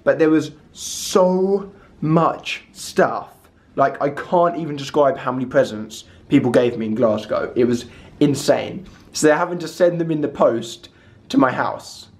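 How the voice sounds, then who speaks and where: A young man in his twenties vlogging from a hotel room, tired but chatty and excitable, rambling to the camera. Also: mid-range voice, unhurried. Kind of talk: casual vlog chat.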